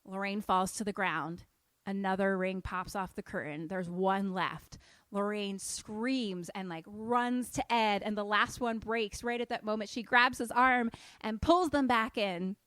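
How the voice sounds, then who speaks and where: Young woman, podcast co-host, chatty film retelling, mid pitch, dry close sound. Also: a little slow, fairly bright tone, no room sound. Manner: chatty, with frequent "like" fillers and swearing. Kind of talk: casual chat retelling a film.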